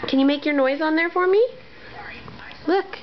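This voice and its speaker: A woman's voice: high-pitched, moderate pace, lo-fi sound, faint music behind. A woman as a mother using sing-song baby talk, coaxing and praising a toddler.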